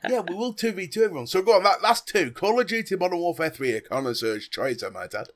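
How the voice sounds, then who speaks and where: A man's voice: high-pitched, animated, fast talker, fairly bright tone. A man hosting a casual podcast, joking and teasing his co-host.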